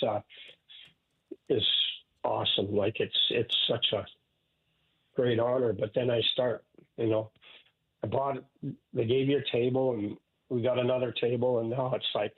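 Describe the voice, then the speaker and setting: An older man from Canada, a radio guest, talking haltingly with many restarts about living with illness. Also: medium pitch, steady tone, breathy edge. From Saskatchewan, Canada. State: ill with cancer. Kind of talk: emotional interview talk. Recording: tinny phone line.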